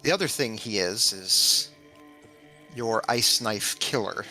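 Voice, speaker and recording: A man's voice: on the low side, slow, bright, forceful tone, soft background music, rough recording. A man playing a tabletop game, speaking politely in character with some hesitation. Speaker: player.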